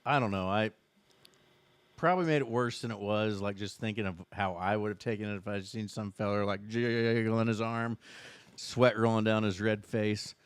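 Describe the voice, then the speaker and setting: A man's voice: on the low side, steady tone, moderate pace, clean tone, dry recording. Profane Southern Indiana man telling stories. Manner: profane rambling storyteller. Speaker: podcast co-host. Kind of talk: casual storytelling.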